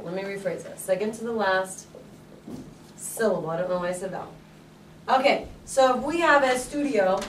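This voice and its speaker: Woman teaching spanish to a class, quizzing them, slows down on words, camera far off in an echoey classroom. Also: fairly high pitch, slight background noise. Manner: drills students with questions, stretches words slowly. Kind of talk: classroom lesson. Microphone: camera from across the room.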